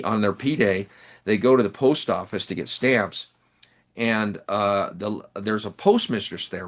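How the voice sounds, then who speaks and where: A middle-aged man, an author and professor, telling stories in an interview with many restarts and pauses. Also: lowish voice, fairly bright tone. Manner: rambling, halting anecdotes with many restarts. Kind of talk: storytelling in a casual interview.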